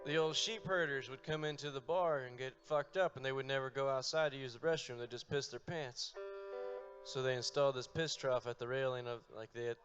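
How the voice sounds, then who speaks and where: Guy on stage rambling a crude road story, deadpan, kinda muffled recording, soft guitar underneath. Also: mid-range voice, fairly quick. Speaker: comedic storyteller and musician. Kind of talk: stand-up storytelling.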